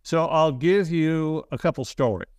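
A man as an interview guest, telling stories in a rambling, halting way with self-deprecating asides. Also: on the high side, clean tone, no room sound. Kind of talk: casual storytelling.

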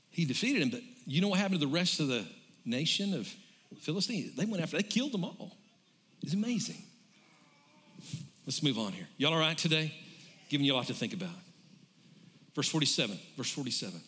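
A man's voice: a little high, sing-song, a little fast, long pauses, a bit bright. A middle-aged pastor, preaching fervently and calling out to his congregation. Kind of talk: sermon.

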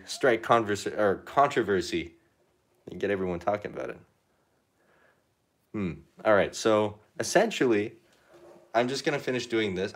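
Man, young, slightly low pitch, rambling, jokey, casual stream talk. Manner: rambling, joking, lots of fillers. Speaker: art livestreamer. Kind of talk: casual livestream chat while painting.

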